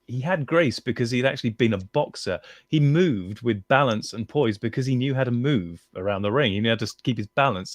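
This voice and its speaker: A man's voice: medium pitch, no echo, studio quality. A man chatting as a guest on a live stream, giving firm opinions and telling stories. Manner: opinionated, storytelling. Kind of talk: casual chat.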